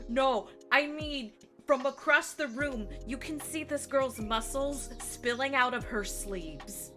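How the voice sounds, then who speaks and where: A woman hosting a stream, chatting excitedly with friends and swearing freely. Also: sits high, unhurried, few pauses. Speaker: streamer host. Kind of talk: casual chat with chat and friends. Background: background music.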